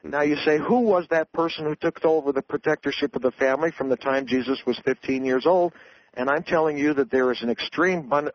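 A man's voice: mid-range voice, no room sound. An author speaks as a guest in a radio interview. He lays out his claims in an earnest, lecturing way, with many fillers and restarts. The sound is dry and a little dull, like old radio.

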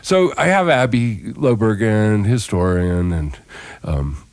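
A deep-voiced man hosts a morning radio show, talking in a loose, chatty way. His pitch swings widely as he talks, and the studio sound is dry and close. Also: slow pace, dry recording. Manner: animated, loose and chatty, with fillers. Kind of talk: casual radio chat. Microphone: studio microphone.

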